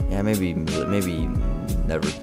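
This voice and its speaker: A young man giving live commentary over his own gameplay, excitable and trash-talking, swinging between muttering and shouting. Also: low-pitched, slow, loud music behind the voice. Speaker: gaming video creator.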